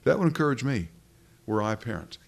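Gravelly-voiced male preacher. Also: medium pitch, animated, fast talker. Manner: earnest, emphatic, with rhetorical questions. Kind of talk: sermon.

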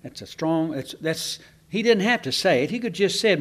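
A man's voice: on the high side, expressive, moderate pace, hardly any pauses. A man preaching a conversational sermon, folksy and chatty, asking the congregation questions and restarting his sentences. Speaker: pastor.

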